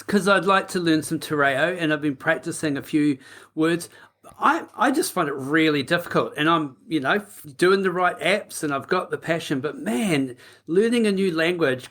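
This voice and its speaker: Easygoing New man, slightly high voice. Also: animated, moderate pace, fairly bright tone. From New Zealand. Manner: easygoing, encouraging. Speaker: podcast co-host. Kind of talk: casual chat.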